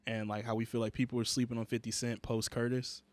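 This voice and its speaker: A man co-hosting a casual podcast, relaxed and slangy, teasing his co-host. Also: medium pitch, quick pace, no room sound.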